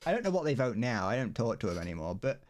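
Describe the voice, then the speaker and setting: A British man talks casually on a livestream as he works on a model kit. He rambles, restarts his sentences, and laughs often. His pitch sits mid-range but swings widely and animatedly. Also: very animated, quick pace. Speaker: streamer.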